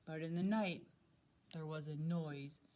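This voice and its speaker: A low-pitched woman who teaches second grade reads a picture book aloud to the kids, slowly and with plenty of dramatic expression.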